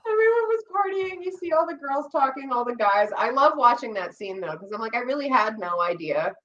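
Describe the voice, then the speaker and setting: Animated storytelling woman, lively voice. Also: on the high side, a little fast, far from the mic, muffled recording. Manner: animated storytelling, quoting herself and others, frequent swearing. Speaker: podcast co-host recounting reality show experience. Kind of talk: casual chat.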